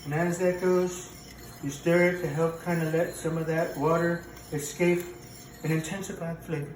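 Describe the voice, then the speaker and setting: Soft background music plays as a man speaks at a moderate pace in a high-leaning, level voice that sounds close to everyday speech. He plays a bragging president who rambles and contradicts himself while hosting a cooking show parody in a home kitchen. The mic is distant and the kitchen echoes.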